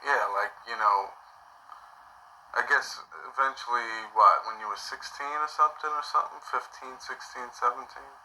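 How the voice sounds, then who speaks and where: A man interviewing a friend in a casual way, asking halting questions full of fillers. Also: medium pitch, bright, forceful tone, poor audio.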